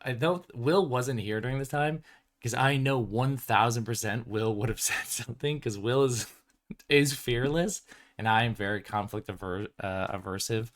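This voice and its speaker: A man in casual livestream chat with an ordinary mid-range pitch. He rambles loosely, leaning on "um" and "like" and breaking into laughs between thoughts. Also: moderate pace. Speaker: tabletop game publisher and show host.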